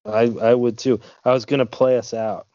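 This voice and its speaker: An American man co-hosting a crude comedy podcast, joking in a bawdy, deadpan way. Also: mid-range voice, moderate pace, dry recording. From United States. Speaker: podcast co-host. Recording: dull lo-fi audio with music underneath.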